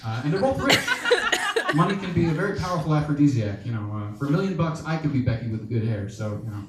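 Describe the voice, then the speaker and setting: An American man in his thirties performs stand-up on a comedy club stage, wry, profane, and conversational. His fairly high voice swoops wildly in pitch at a slightly fast pace, captured from a distance in an echoey, noisy club.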